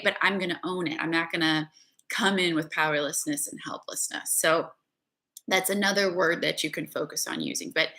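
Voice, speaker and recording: A woman's voice: medium pitch, pushed and bright. A woman spiritual coach giving an earnest, conversational motivational talk and often checking in with "right?".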